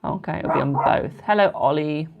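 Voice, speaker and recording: A man's voice: fairly high pitch, moderate pace, creaky, phone-quality sound, noisy background. A British man doing tarot readings on a live stream, chatting with viewers and calling them "my darling". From United Kingdom. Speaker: tarot card reader.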